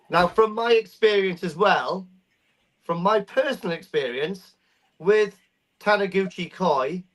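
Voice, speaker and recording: A man's voice: fairly high pitch, a bit bright. Chatty man hosting live auction. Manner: jokey, chatty, swears casually. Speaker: koi auction host. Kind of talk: casual live auction banter.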